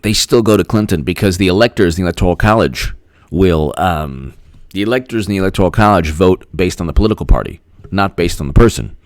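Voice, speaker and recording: Brief: male stream host, low-ish voice, rambling and chuckling, thanks chatters by name. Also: expressive, fast talker, no echo, studio quality. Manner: rambling, laughs often, thanks viewers by name. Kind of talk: live-stream political commentary.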